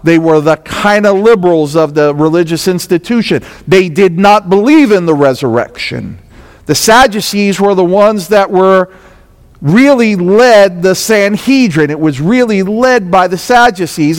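A man's voice: sits high, lively intonation, a little slow, clean tone, in a large hall. A man with a New York accent preaching a sermon as pastor, telling the story in a conversational way and acting out what the people in it said, growing more intense as he goes. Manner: conversational preaching, dramatized quotes, rising intensity.

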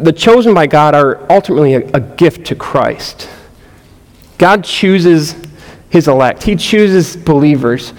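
A man's voice: on the high side, darkish tone. A man teaching a verse-by-verse sermon to a group, earnest, often repeating words and asking the room questions. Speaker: pastor or Bible study teacher. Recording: long reverb in a large room.

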